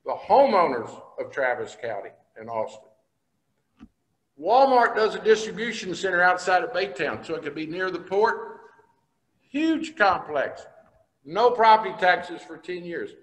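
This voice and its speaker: A folksy older man from Texas, a state senator, speaks in a hall to a business breakfast, telling plain-spoken stories. His high voice is sing-song and unhurried, and a long hall reverb trails the audio.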